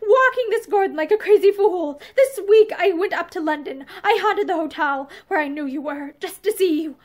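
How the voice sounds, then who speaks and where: A woman's voice: high voice, moderate pace, natural voice. A woman reading the part of a lovesick man who pleads passionately with the married woman he loves. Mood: passionate pleading. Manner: impassioned, pleading.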